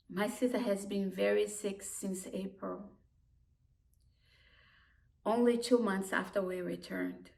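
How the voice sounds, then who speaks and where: A woman telling a personal story about her own life in a halting, emotional way, with broken restarts. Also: mid-range voice, vocal fry. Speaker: immigrant community worker. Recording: voice distant from the mic.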